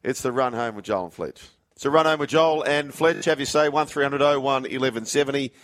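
A man hosting a sports radio show, chatting casually and reading out listener messages. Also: medium pitch. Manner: chatty, reads out listener messages and phone numbers. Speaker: radio host.

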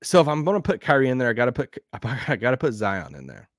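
A man with a Southern accent hosting a sports podcast, rambling and animated, laughing now and then. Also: mid-range voice, fast, no room sound, clean studio sound. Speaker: podcast host. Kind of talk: casual sports talk.

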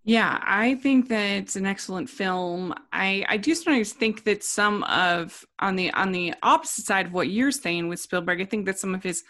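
A woman co-hosting a casual movie podcast, giving thoughtful, measured opinions. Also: mid-range voice, a bit bright. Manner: thoughtful, measured, with small restarts.

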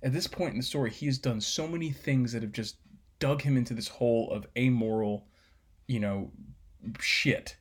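A man's voice: mid-range voice, normal speed, slightly rough. A man casually breaking down a film scene, rambling with fillers and swearing.

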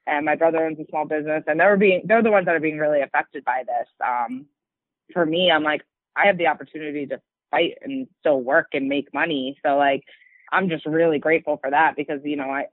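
A woman's voice: sits low, steady tone, a little fast, dry recording. A woman fighter chatting casually in an interview, rambling with lots of likes and you-knows. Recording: dry, tinny phone-like line.

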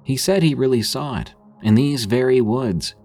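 A man's voice: mid-range voice, moderate pace, dark tone, soft background music, pitched above the performer's own voice, natural voice. A man voicing a young male camper who earnestly tells a spooky hunting story.

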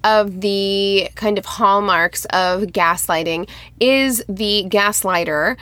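A woman co-hosting a casual podcast, explaining points with quick asides. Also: medium pitch, fairly bright tone, dry recording. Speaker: podcast co-host. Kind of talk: casual chat.

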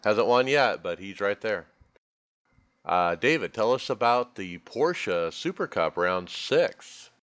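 Deep-voiced male podcast host. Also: lively intonation, slow, a bit bright. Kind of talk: casual show hosting.

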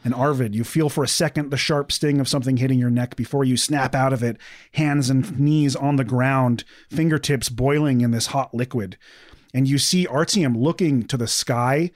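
A man running a tabletop game as game master, calmly narrating scenes and calling for dice rolls. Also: mid-range voice, moderate pace, no echo, clean studio sound. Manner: calm, descriptive narration.

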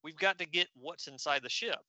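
A man reading the lines of a shifty, smooth-talking male ex-lover who keeps coaxing and insisting. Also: a little high, brisk, sharp tone, dry recording.

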